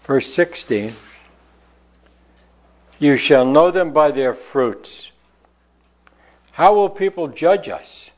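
Male preacher, slightly high voice, emphatic and questioning, muffled lo-fi recording. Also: animated, drawn-out words, pauses often. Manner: emphatic rhetorical questions, reading old scripture aloud. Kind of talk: sermon with scripture reading. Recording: dull lo-fi sound.

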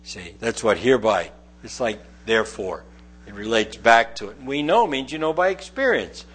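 A man's voice: mid-range voice, expressive, moderate pace, a bit bright, breathy edge. A middle-aged man preaching a conversational sermon, reading scripture aloud and explaining it verse by verse. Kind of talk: sermon, Bible teaching.

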